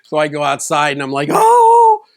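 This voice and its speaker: A man's voice: mid-range voice, measured pace, a bit bright. A man in a casual vlog, telling a personal story in a loose, rambling way with many restarts. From South Florida. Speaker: video creator.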